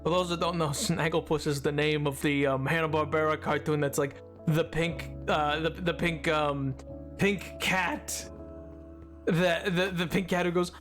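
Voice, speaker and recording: A man's voice: a little high, fairly even intonation, measured pace, fairly bright tone, soft background music. A man streaming a game, chatting casually and playfully with his viewers in a rambling way. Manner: rambling, playful, bantering with chat. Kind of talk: casual livestream chat.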